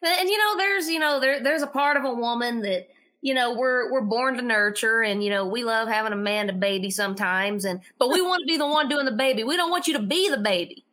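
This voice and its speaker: A woman who writes and sings songs, telling stories as a guest in a casual, animated way and often repeating words as she starts a sentence. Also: a little high, fairly quick. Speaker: singer-songwriter guest. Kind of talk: casual storytelling chat.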